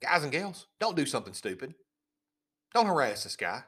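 A podcast host rants with indignant sarcasm. His pitch swings widely up and down, and he stumbles over repeated words while he keeps building his point. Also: very animated, normal speed, fairly bright tone, husky. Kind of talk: casual ranting commentary.

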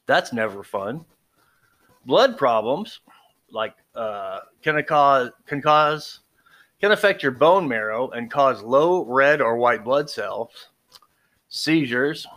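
A man at an ordinary pitch reads a long list of drug warnings out loud in a loose, casual way. He stumbles on the bigger medical terms and drops in dry, sarcastic remarks between items. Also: expressive, slow pace. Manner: stumbling over long words, wry asides. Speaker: vlogger reviewing medications. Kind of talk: casual read-aloud commentary.

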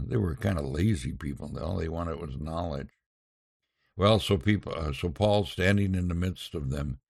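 Very deep husky man teaching Bible. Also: darkish tone, no echo, studio quality. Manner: folksy, halting, with many pauses. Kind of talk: informal Bible lesson.

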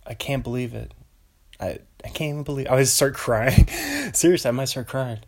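A man's voice: medium pitch, huge pitch swings, normal speed. A young man from Western Washington chatting alone in a meandering way, breaking off into tangents and giggly asides. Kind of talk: rambling solo casual chat.

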